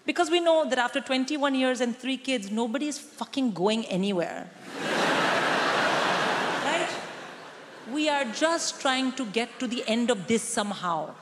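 A woman's voice: sits high, expressive, unhurried, long pauses, very noisy. A middle-aged woman performing a stand-up comedy set, punchy and conspiratorial, mock-lecturing the crowd. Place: large theatre stage. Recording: live theatre hall with audience.

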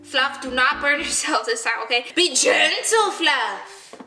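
A woman with a high, sharp, bright voice chats playfully to her plush toys for a vlog. She is excitable and coaxing, with frequent gasps. The room sounds roomy and echoey. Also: unhurried, faint music behind. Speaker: toy vlogger.

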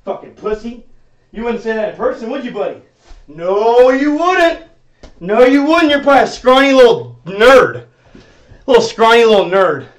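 A man streaming live, ranting at his chat in a profane, confrontational way, swinging between muttering and yelling. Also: very high-pitched, big pitch swings, moderate pace. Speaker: livestreamer.

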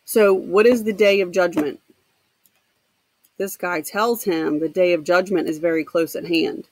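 A woman teacher reading a novel aloud for her students, pausing to explain with casual asides. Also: on the low side, fairly even intonation, darkish tone, no room sound. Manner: pauses to explain to students, with fillers. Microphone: home computer mic.

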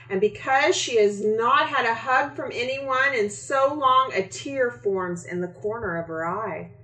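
Slow-reading woman in echoey room. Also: fairly high pitch. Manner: slow, expressive storytelling. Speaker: children's book author. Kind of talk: reading a picture book aloud.

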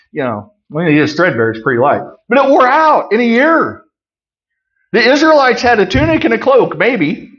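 Folksy preacher man, lively and dull-sounding. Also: high voice. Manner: folksy, joking asides, swings from loud emphasis to quiet. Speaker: pastor. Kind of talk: conversational sermon.

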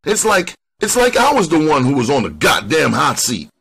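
A tired middle-aged detective, put on by a male reader, talks in a rueful, chatty manner. The voice is husky and lively in pitch. It is an audiobook reading. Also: normal speed, exaggerated voice.

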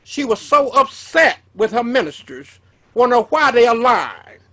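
A man's voice: very high-pitched, big pitch swings, measured pace, pushed and bright. A man, telling a personal testimony as a sermon in an earnest way, often repeating and restarting his words. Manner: earnest storytelling with repetitions and restarts. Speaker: preacher.

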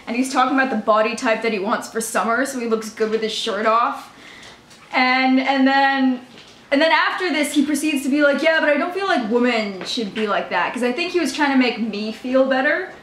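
A fairly high-voiced young woman chats through a vlog story, cursing without restraint and breaking into laughter. She mocks the people she quotes. The recording is roomy and echoey, with a faint hiss behind her. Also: fairly bright tone. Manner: swears freely, laughs often, mocks by quoting others. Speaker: vlogger. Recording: echoey room with faint noise.

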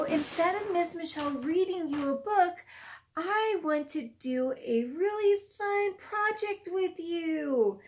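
Very high-voiced woman reading to a child. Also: a little hiss or hum. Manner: gentle, sing-song storytelling voice; patient, encouraging teacher talk. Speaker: teacher. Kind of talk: reading a picture book aloud to a young child.

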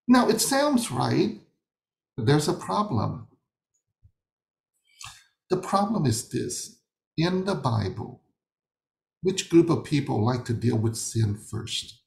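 A man's voice: medium pitch, sing-song, takes it slowly, vocal fry, long pauses, a little mellow, reverberant. A man teaching a sermon over a video call, emphatic and fond of rhetorical questions that he answers himself. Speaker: ministry leader teaching a session.

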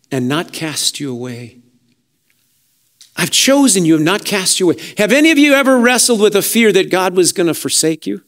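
Fervent high-voiced male preacher. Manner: impassioned preaching, swinging between soft hushed lines and raised exhortations; fervent, with repeated "praise God" and "hallelujah". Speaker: pastor. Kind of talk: sermon.

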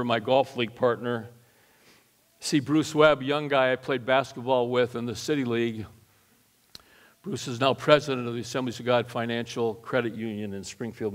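A middle-aged man giving a storytelling sermon as guest preacher, folksy and animated, his voice jumping up for punch lines. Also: medium pitch. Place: church sanctuary. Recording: long church reverb.

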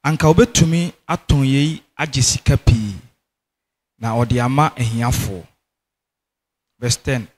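A Ghanaian man reading Bible verses aloud during a sermon, in a steady, measured way. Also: mid-range voice. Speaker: scripture reader.

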